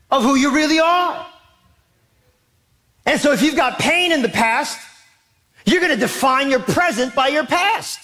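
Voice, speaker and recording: A man preaching a sermon as pastor, emphatic and animated, asking the congregation questions. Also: very high voice.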